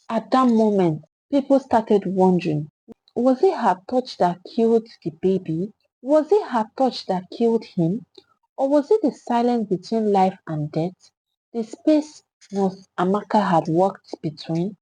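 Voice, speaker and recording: A woman's voice: medium pitch, animated, unhurried, dark tone, slightly rough, rough recording. A woman narrating a dramatic story with emphatic delivery.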